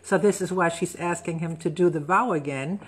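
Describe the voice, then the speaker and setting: A woman, a wedding celebrant hosting a casual talk show, telling an anecdote in a lively, self-correcting way. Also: lowish voice, normal speed, slightly rough. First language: German. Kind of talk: casual storytelling chat.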